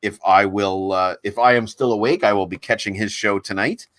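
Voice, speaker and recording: A man hosting a casual livestream, rambling with halting restarts and reading viewer comments aloud. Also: on the low side, steady tone, fairly bright tone, no echo. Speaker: livestream host. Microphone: desk mic on a laptop stream.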